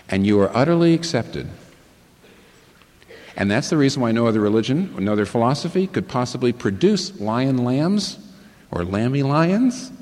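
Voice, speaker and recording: A pastor preaching a sermon, asking rhetorical questions and building up emphasis. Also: male voice, mid-range voice, darkish tone, big-room sound.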